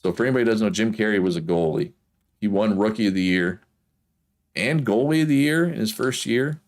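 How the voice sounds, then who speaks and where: Gaming streamer, male, deep Prince Edward Island accent, loose rambling chat with laughs. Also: fairly quick. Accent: Prince Edward Island, Canadian East Coast. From Prince Edward Island, Canada. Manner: rambling, chatty, laughs often. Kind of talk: casual chat while playing a game.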